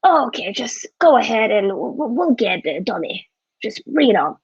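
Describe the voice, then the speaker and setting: A woman's voice: fairly high pitch, big pitch swings, moderate pace, creaky, breathy edge, dry recording, highs cut off, exaggerated voice. A woman voicing a stubborn male football manager with a put-on British accent, repeating himself as he stammers.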